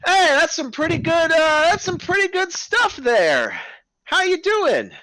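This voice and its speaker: A man's voice: extremely high pitch, sing-song, pushed and bright, no room sound, pitched above the performer's own voice, full character voice, low-quality recording. A man voicing a short, fat circus ringleader who talks like a pushy, eager showman in a tabletop game. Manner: fast-talking, wheedling salesman patter.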